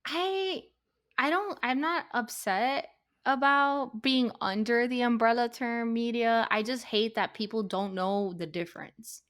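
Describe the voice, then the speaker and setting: A woman's voice: fairly high pitch, measured pace, fairly bright tone. Breezy, teasing woman podcast co-host. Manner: breezy and teasing, laughs between points. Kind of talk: casual chat.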